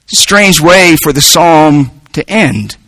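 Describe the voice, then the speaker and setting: A man's voice: a little high, lively intonation, takes it slowly, a bit bright, dry recording, poor audio. A man preaching a sermon in an earnest way, often repeating words as he works toward a point.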